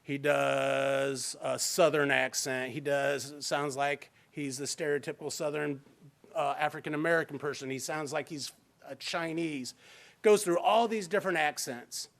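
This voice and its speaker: Male trainer, informal and conversational, slightly raised pitch, lecturing a room on a handheld mic. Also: steady tone, measured pace, creaky, fairly bright tone. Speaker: fair housing trainer. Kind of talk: workshop lecture. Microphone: handheld microphone.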